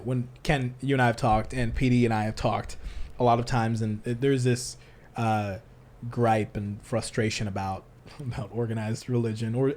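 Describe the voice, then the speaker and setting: Male podcast host, casual and rambling, full of restarts. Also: mid-range voice. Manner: rambling, many restarts, animated impressions. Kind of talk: casual chat. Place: church.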